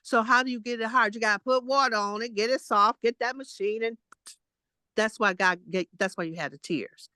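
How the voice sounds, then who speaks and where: A guest spiritual teacher, a woman in her late sixties, gives a casual spiritual testimony, blunt and emphatic, repeating herself and fussing at her listeners. Her voice sits on the high side, brisk, pushed and bright, with no echo.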